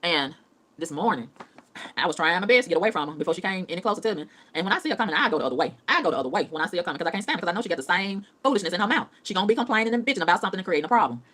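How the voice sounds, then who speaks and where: A woman's voice: fairly low pitch, animated, racing, fairly bright tone. A woman ranting in a profane, heated vlog monologue, repeating phrases as she goes. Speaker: vlogger.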